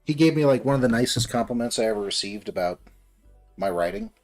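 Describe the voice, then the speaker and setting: A man's voice: mid-range voice, very animated, quick pace, vocal fry, a little mellow, faint music behind. A man telling a long personal story in a rambling, casual way while building a model kit on a livestream. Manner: rambling, many fillers and restarts.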